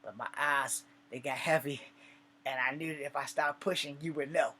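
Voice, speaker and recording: A man's voice: a little high, steady tone, moderate pace, bright, forceful tone, slight background noise. A man casually telling an army story in a loose, profane, laid-back way.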